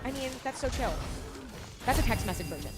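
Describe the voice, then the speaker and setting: Fast-talking woman over loud music. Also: on the high side, lively intonation. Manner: fast, emphatic and chatty. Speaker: podcast host. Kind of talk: casual advice monologue.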